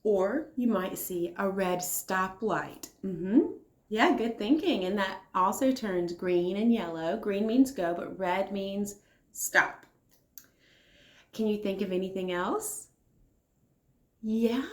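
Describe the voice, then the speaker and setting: A woman teacher leading circle time for young children. She talks slowly and encouragingly, pausing as if for little ones to answer. Her voice rings a little in an echoey room. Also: medium pitch. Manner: slow, encouraging, replies to imagined children's answers. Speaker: kindergarten teacher.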